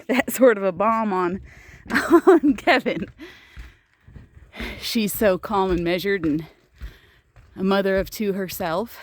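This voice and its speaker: A woman casually telling a personal story to camera while walking outdoors on an icy path, chatty and laughing often between phrases. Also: mid-range voice. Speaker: vlogger.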